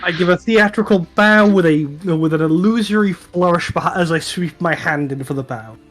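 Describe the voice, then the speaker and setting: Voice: mid-range voice, normal speed, fairly bright tone, soft background music. A player in a tabletop role-playing game, speaking theatrically and playfully.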